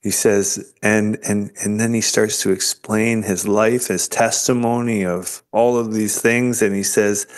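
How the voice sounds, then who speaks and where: A man's voice: lowish voice, steady tone, unhurried, few pauses. A man in an interview, earnestly telling his personal faith story, often restarting and repeating words. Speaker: interview guest sharing his faith testimony.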